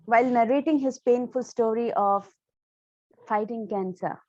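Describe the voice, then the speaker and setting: A woman's voice: on the high side, dark tone, dry recording, dull audio. Emphatic woman coaching on public speaking. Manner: emphatic, stresses key words with deliberate pauses. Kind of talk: instructional talk to camera.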